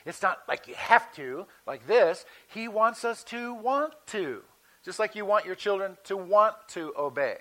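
A male pastor giving a sermon in a conversational teaching manner, slowing down to stress key words. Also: high voice, expressive, a bit bright, low-quality recording.

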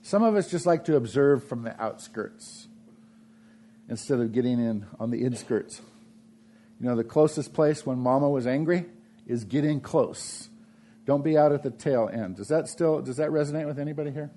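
A man preaching a sermon in a church, emphatic and repeating phrases, swinging between loud and soft delivery. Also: mid-range voice, moderate pace, a little hiss or hum. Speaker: pastor.

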